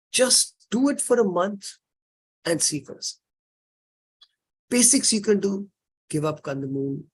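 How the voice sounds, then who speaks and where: Indian guy lecturing on religion, husky voice, earnest and coaxing, drops hindi words in. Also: on the high side, a little mellow. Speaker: lecturer on Jain practice.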